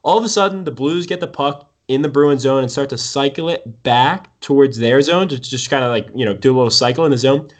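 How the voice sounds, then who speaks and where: A young man hosting a casual sports talk show, telling stories excitedly and often calling people dude. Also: medium pitch, a little fast, hardly any pauses. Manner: excited storytelling, says dude a lot. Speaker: sports podcast host.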